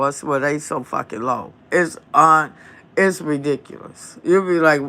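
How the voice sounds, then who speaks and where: A man hosting a live stream from home, talking in a heated, profane, drawn-out rant into his phone. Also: a little high, bright, forceful tone. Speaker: livestream host.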